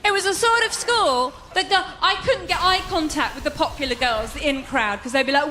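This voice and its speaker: A woman's voice: high-pitched, fairly quick, few pauses, echoey room, a little hiss or hum. Wry woman doing stand-up. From London, England. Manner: wry, animated, mimics others. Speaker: stand-up comedian. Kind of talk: stand-up set.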